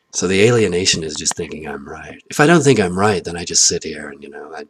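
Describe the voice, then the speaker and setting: A man talking alone to the camera in a rambling personal monologue, swearing often, laughing at himself and swinging between loud outbursts and muttered asides. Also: low-pitched, a little hiss or hum. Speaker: vlogger.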